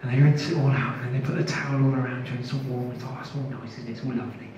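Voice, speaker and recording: A man performing a stand-up comedy set, telling a deadpan story that builds up to shouting. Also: mid-range voice, rapid-fire, dull audio, a little hiss or hum. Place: festival stage. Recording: echoey room from far off.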